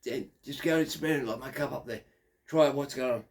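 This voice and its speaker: A man's voice: medium pitch, quick pace. A man in his fifties with an Australian accent, telling a crude, digressive story in a rambling monologue. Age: 50s. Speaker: factory worker.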